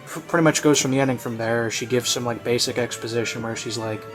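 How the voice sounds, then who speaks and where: A man's voice: mid-range voice, fairly even intonation, quick pace, over music. A man giving casual, rambling commentary on a video he is reviewing, full of "you know" and "like" and offhand self-mockery.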